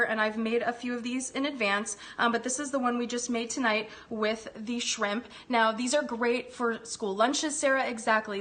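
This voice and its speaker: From her home kitchen, a cheerful woman hosts a live cooking demonstration, praising the food and chatting while eating. She has a somewhat bright voice pitched fairly high.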